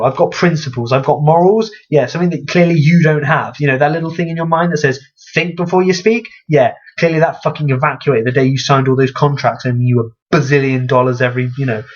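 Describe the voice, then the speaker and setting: A young man rants sarcastically through a comedic vlog, swearing freely and leaping up in pitch for emphasis. His voice sits a little high for a man. The recording is dull and lo-fi. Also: fairly quick. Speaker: vlogger.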